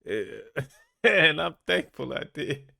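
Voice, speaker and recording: Animated man reacting with laughs. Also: a little high, takes it slowly, gravelly. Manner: animated, laughing, repeats himself for emphasis. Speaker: reaction channel host. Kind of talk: casual commentary on clips.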